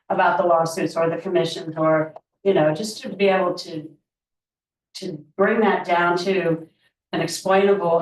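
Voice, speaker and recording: A middle-aged woman, a real estate agent, telling a rambling story at a team meeting with lots of restarts. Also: lowish voice. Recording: roomy, distant mic.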